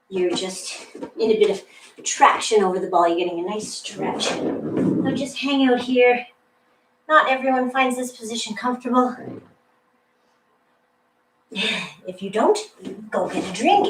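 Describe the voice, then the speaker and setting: A woman's voice: mid-range voice, far from the mic, a little hiss or hum. A woman leading a ball workout class, cueing each move in a chatty, encouraging way with joking asides. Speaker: fitness instructor. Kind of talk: live workout instruction. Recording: echoey room, voice from the mic.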